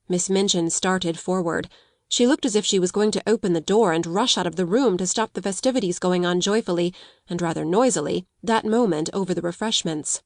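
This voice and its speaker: A woman's voice: fairly low pitch, fairly quick, no room sound, studio quality. Woman narrating a classic novel. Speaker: audiobook narrator.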